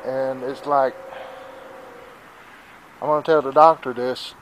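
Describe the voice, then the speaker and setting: A mid-range, slightly bright voice belongs to a Southern U.S. man in his 40s, vlogging casually outdoors in wind with a handheld camera. He speaks slowly with fairly even intonation, rambling and worried yet plain-spoken, short of breath and stuffy; the low-quality recording has a little hiss or hum.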